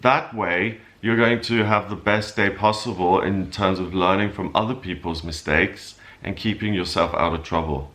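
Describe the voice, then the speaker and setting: A man talking through the week's astrology as a horoscope reader, explaining calmly with loose, rambling asides. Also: low-pitched, normal speed, hardly any pauses. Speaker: astrologer giving a weekly horoscope. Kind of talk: casual spoken forecast.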